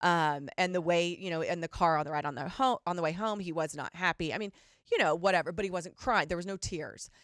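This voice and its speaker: A middle-aged woman co-hosting a podcast, talking in a candid, rambling, animated way and swearing casually. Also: fairly low pitch, a little fast, no echo, clean studio sound. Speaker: podcast co-host. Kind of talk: casual chat.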